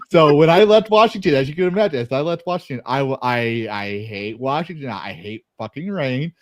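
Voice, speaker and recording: A man's voice: on the high side, lively intonation, normal speed, dry recording. Rambling, laughing American male podcast host. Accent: American, faded Texas. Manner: rambling, laughing, profane storytelling. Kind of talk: casual chat.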